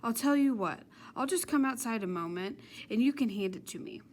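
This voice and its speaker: A woman's voice: fairly high pitch, animated, a little fast, a little mellow, a little hiss or hum, lightly acted. A woman voicing a sneering, villainous male teacher who turns falsely polite.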